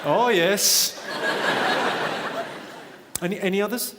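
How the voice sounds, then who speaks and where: A man doing stand-up comedy with a deadpan delivery and working the crowd in a large theatre. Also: high-pitched, slow, heavy background noise. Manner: deadpan, crowd work with the audience. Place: large theatre with a laughing audience. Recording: live theatre recording with long reverb and loud crowd laughter.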